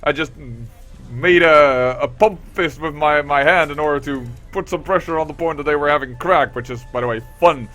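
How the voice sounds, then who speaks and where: A man's voice: a little high, normal speed, a bit bright, faint music behind. Rambling man narrating a game. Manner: rambling and self-deprecating. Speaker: let's play host. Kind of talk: let's play commentary, reading dialogue aloud. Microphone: desk microphone.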